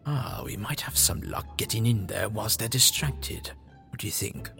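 A man playing a coaxing old doctor, deep and gravelly. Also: moderate pace. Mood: conspiratorial. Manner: soft-spoken, coaxing. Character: scheming old male doctor, smooth and persuasive. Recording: long reverb, faint music behind.

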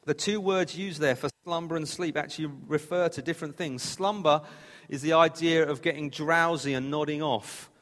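A man's voice: on the high side, fairly even intonation, normal speed, fairly bright tone. A man preaching a sermon in a plain, conversational way, sometimes restarting his phrases. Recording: reverberant hall.

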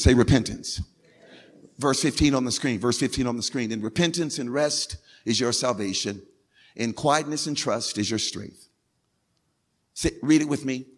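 A man preaching a sermon as pastor, calling on the congregation to repeat words after him and repeating phrases for emphasis. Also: mid-range voice. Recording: long hall reverb from a big room.

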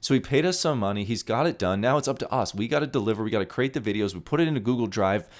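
A man with a deep, low voice hosts a solo podcast. He talks with salesy excitement and jumps between pitching and quick muttered asides. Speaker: podcast host. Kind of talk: energetic solo podcast monologue.

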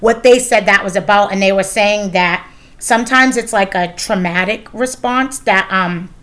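A woman's voice: mid-range voice, moderate pace, fairly bright tone. Candid swearing woman, casual chat. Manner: candid, swears freely, lots of fillers. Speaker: podcast host.

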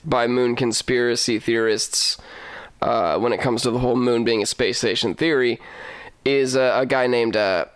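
A man's voice: medium pitch, steady tone, normal speed, clear, resonant tone. A man co-hosting a comedic podcast, telling rambling stories and laughing often. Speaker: podcast co-host. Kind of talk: casual comedic chat.

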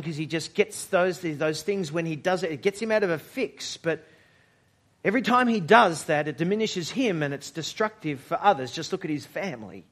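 A man preaching a sermon at a church service, measured and reflective, with dramatic pauses and moments where he drops almost to a whisper. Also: sits high, a bit bright. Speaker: pastor.

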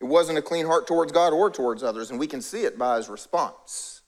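High-voiced pastor preaching conversationally. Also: male voice, a little fast. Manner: conversational preaching with acted-out voices of biblical characters. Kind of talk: sermon.

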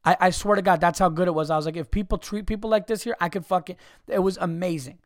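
A man hosting a podcast, telling stories in a profane, animated comedic rant with frequent restarts. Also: high voice, fast, no echo, studio quality. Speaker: podcast host.

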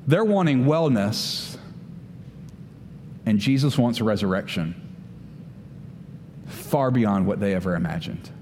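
A pastor giving a sermon, talking animatedly and acting out the voices of Bible figures. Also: male voice, lowish voice, lively intonation, slow, long pauses, a little mellow. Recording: long hall reverb, faint room noise.

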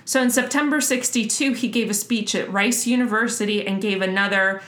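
A woman's voice: medium pitch, brisk, a bit bright. Woman cohost rambling thru some space history, casual, fillers everywhere, echoey room. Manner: loose, chatty explaining with fillers. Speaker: podcast co-host. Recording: roomy echo.

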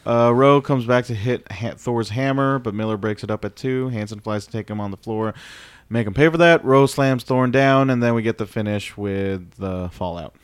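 A man's voice: mid-range voice, normal speed, clean tone, dry recording. A man co-hosting a casual podcast, joking around while he recaps matches play by play. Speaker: podcast co-host. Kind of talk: casual wrestling recap chat.

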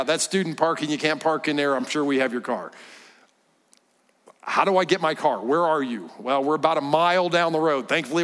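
A middle-aged man giving a sermon as a guest preacher, telling a story with lively delivery and dropping to hushed tones. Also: on the high side. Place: church sanctuary. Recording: church hall with long reverb.

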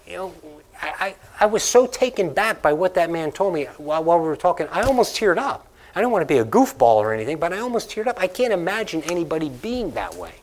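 A man's voice: sits high, sing-song, fast talker, few pauses. A man from the Northeastern United States preaching a sermon to a church congregation, telling stories casually, repeating lines for emphasis and moving into a closing prayer. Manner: conversational storytelling preacher who laughs and repeats lines for emphasis. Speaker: pastor. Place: church sanctuary.

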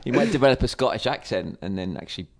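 A man's voice: mid-range voice, lively intonation, quick pace. A British man co-hosting a comedy podcast, making dry, mock-serious jokes in casual banter. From Britain. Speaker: guest co-host.

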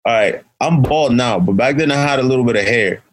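A man co-hosting a podcast, telling a story in relaxed, chatty talk. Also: medium pitch, brisk, slight background noise, poor audio. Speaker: podcast co-host. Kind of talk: casual chat, anecdote.

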